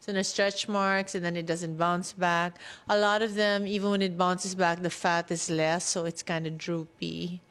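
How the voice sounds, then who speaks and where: A woman's voice: fairly low pitch, level tone, normal speed, few pauses, a bit bright, smooth. A woman who works as a skin doctor, explaining treatments plainly in a casual radio chat.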